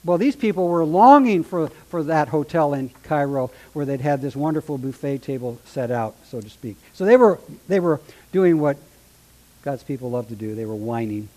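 A man's voice: on the high side, lively intonation, moderate pace, warm tone, low-quality recording. A man preaching a sermon as a pastor, reading scripture aloud with drama and dropping in dry, sarcastic asides.

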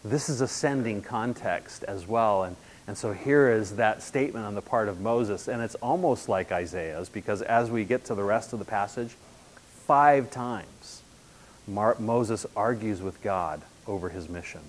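A man preaching a sermon in an animated, emphatic way, shifting between loud bursts and hushed asides. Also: fairly low pitch, unhurried.

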